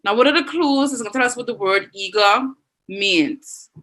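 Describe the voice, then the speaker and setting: A woman teacher with a Bahamian accent, leading an online class and warmly reading out and praising students' answers. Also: a little high, normal speed, low-quality recording. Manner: encouraging, reads students' answers aloud with frequent praise.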